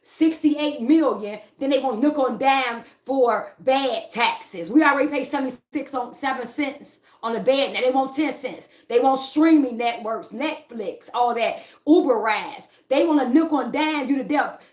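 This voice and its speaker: A woman's voice: high voice, normal speed, few pauses. Heated woman ranting, roomy echo. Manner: agitated, repetitive, addresses viewers as y'all. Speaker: online fitness and politics vlogger. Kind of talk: casual heated livestream rant.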